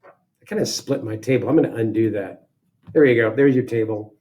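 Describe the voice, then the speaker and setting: A man teaching a software lesson, talking through each step aloud in a casual way and correcting himself as he goes. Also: medium pitch, fairly quick. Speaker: instructor. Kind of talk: screen-recorded software tutorial.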